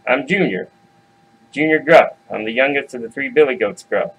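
A man's voice: mid-range voice, moderate pace, a bit bright, husky, low-quality recording. Junior, a man doing a brash young billy goat.

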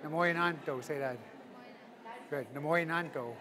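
A man's voice: fairly high pitch, normal speed. A man teaching a live language class, calling out drills and repeats in a playful way, laughing along with his students. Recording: crowd noise in a live classroom. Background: class chatter and laughter.

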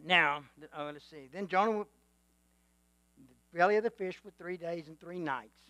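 A preacher man with a high, bright voice preaching a sermon. He drops to quiet reflection and then builds to loud, fervent exhortation, calling out for amens. The sound is close and dry, with little room echo. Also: normal speed. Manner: swings from quiet musing to loud exhortation, calls for amen.

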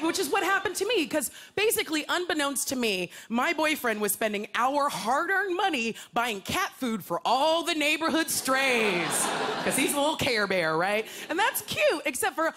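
Woman stand-up comic, higher voice with wide swoops, live club set over a noisy laughing crowd. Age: older than her twenties. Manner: animated, quick asides to the crowd, playful put-on voices. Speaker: stand-up comedian. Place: comedy club stage. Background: loud audience laughter and noise.

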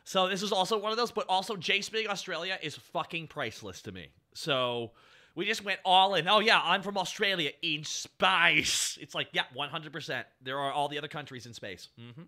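A man's voice: on the high side, fairly quick, sharp tone. A man giving a rambling, casual creator commentary, with many restarts.

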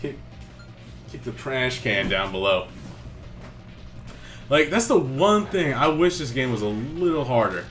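A man's voice: medium pitch, very animated, unhurried, pauses often, fairly bright tone, faint music behind. A young man casually commenting on his gameplay in a laid-back, slangy way. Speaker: let's play host.

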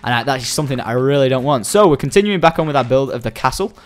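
A man's voice: medium pitch, very fast, a little hiss or hum. Chatty Scottish young man commentating a game. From Scotland. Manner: chatty, excitable, talks to animals in game. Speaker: gaming commentator. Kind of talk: casual gameplay commentary.

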